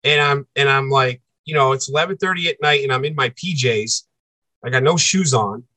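A man telling a personal story as an interview guest, earnest and halting, often repeating himself for emphasis. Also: medium pitch, bright, forceful tone, no echo, rough recording.

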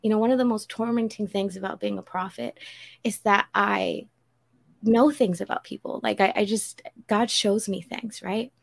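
Woman, podcast regular, earnest, preacherly, gravelly fry. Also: medium pitch, fairly even intonation, moderate pace. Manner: earnest, preacherly, quotes scripture. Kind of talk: heartfelt spiritual appeal.

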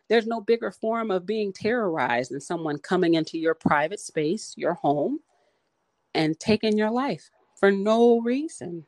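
A woman co-hosting a podcast, talking earnestly in a halting, filler-heavy way. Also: low-pitched, darkish tone, no echo. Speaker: podcast co-host. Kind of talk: casual discussion.

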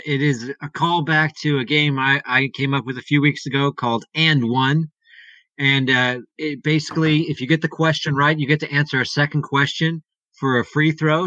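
A man's voice: mid-range voice, sharp tone, no room sound, lo-fi sound. A man co-hosting a podcast who runs a sports quiz game in a casual, rambling way and laughs at himself.

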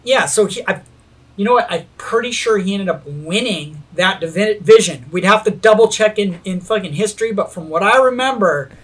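A man with a notably high voice spins a rowdy story in loose, casual conversation. He talks in an animated rush, swears constantly and breaks into laughter along the way. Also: fairly quick, slightly rough. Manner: animated, heavy swearing, laughs while telling. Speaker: skate videographer telling a story.

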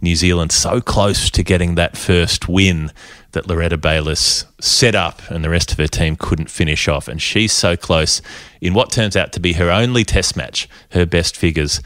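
A man hosting a podcast, telling a story in a casual, animated way and often laughing through it. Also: deep voice, moderate pace, dry recording, studio quality. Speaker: podcast host.

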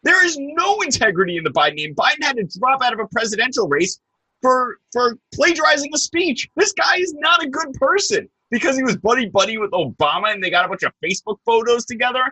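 A young man hosting a heated political chat, and his voice swings high and low with real animation. His tone is bright and a little husky, and the sound is dry and close. He talks in an emphatic, scornful way. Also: sing-song, fast, dry recording, poor audio. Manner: emphatic, scornful, rising to sharp peaks. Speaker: political talk show host.

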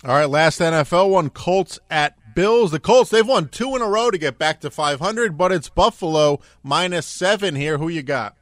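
A man hosting a sports talk show, briskly moving through quick picks. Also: fairly high pitch, expressive, a bit bright, dry recording. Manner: brisk, moving things along. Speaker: host.

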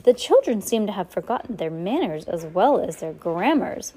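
A woman casually reading a novel aloud, relaxed, now and then stumbling and chatting between passages. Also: mid-range voice, normal speed, breathy edge. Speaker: reader.

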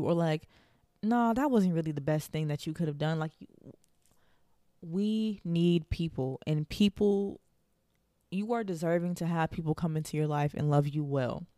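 A woman's voice: on the low side, mellow, no room sound, clean studio sound. A young woman hosting her own podcast, talking earnestly and encouragingly in a casual monologue. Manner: earnest, encouraging, faith-filled. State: out of breath. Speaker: podcast host.

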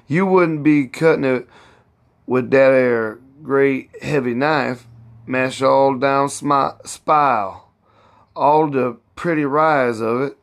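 A man voicing an elderly woman cook who is proud and bossy, speaking in heavy old Southern dialect and scolding as she talks. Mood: boastful. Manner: raised pitch, drawn-out words.

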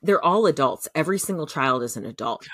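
A woman's voice: deep voice, expressive, fast, slightly rough, no echo, clean studio sound. A woman casually retelling a show's plot on a podcast, rambling with lots of filler words. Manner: rambling, filler-heavy, laughs through the telling. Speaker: podcast co-host recapping a show. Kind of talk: casual storytelling recap.

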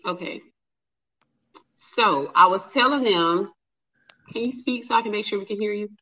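A flustered woman chatting live with her viewers, her voice bright and forceful. The sound is a little dull and lo-fi. She talks casually and addresses everyone as y'all. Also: mid-range voice, moderate pace, husky. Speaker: livestream host.

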